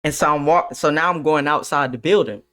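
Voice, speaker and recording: A young man streaming, telling a wild high school story to his chat, laughing and swearing as he goes. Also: a little fast, sharp tone, smooth. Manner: swearing, laughing, big dramatic voice swings. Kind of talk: animated storytelling to a live chat.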